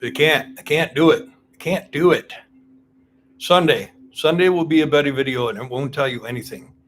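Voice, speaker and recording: A man's voice: fairly high pitch, normal speed, a little hiss or hum. A man hosting a casual live stream, rambling, teasing and greeting viewers by name.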